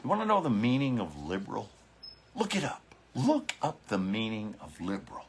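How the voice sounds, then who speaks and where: A man's voice: on the low side, wildly swooping pitch, moderate pace, a little hiss or hum. A man doing a profane live-streamed political rant to his viewers on his phone, fiery and swearing, repeating his catchphrases. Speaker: biker vlogger.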